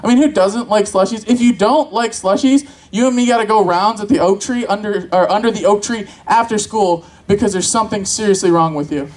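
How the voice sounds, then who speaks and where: A man's voice: sits high, fairly quick, hardly any pauses, low-quality recording. A man doing crude, rambling, self-mocking open-mic stand-up on a convention stage. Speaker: stand-up comic. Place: convention stage with live audience.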